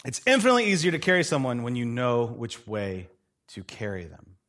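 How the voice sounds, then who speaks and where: Preaching briskly in a mid-range voice, a middle-aged male pastor fills his sermon with humorous stories, playing each character in an animated, joking way.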